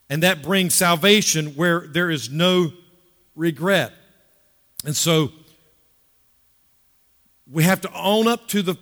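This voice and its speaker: A middle-aged male pastor preaching a conversational sermon with a bright, forceful voice pitched a little high. He repeats words for emphasis and slows down on key phrases. His voice rings through a large church hall with long reverb.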